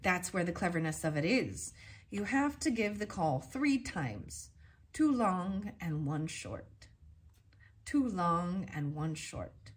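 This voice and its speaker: A woman voicing a simple-minded male forest sentry with a thin, high voice who speaks soothingly and sounds pleased with himself. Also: big pitch swings, slow.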